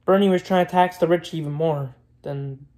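This man's voice is on the high side and a little mellow, with fairly even intonation and a moderate pace. As a vlogger ranting casually to camera, he speaks bluntly and opinionatedly, loops back over the same points, and curses freely.

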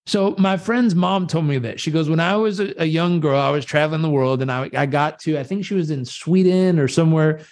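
A man as a guest on a live video chat, talking about coaching in a lively, storytelling way and acting out voices in his quotes. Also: fairly high pitch, brisk, hardly any pauses. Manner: animated storyteller who acts out voices in quotes. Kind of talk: conversational coaching talk. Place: live social media video conversation.

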